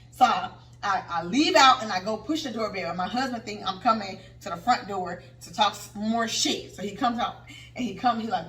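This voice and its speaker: A woman in her thirties co-hosting a podcast, telling a story in casual chat, animated and swearing freely. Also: mid-range voice, a little fast. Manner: animated, swearing, acts out quotes. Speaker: podcast co-host. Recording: echoey room, distant mic, faint noise.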